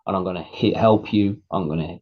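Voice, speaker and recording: A man's voice: deep voice, fairly quick, dull audio. A man doing a kind, naive rabbit. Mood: eager.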